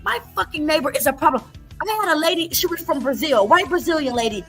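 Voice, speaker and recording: A woman's voice: sits high, expressive, fast, fairly bright tone, faint music behind. A woman hosting a livestream, talking in a blunt, profane, repetitive rant. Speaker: livestream host.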